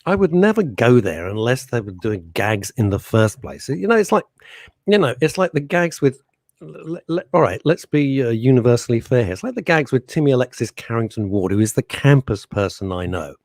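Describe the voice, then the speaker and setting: A man's voice: medium pitch, fairly quick, no echo, clean studio sound. A man co-hosting a radio show, joking and teasing his partner in casual banter. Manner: animated, jokey, teasing, swears mildly. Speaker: radio co-host. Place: radio studio. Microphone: studio microphone.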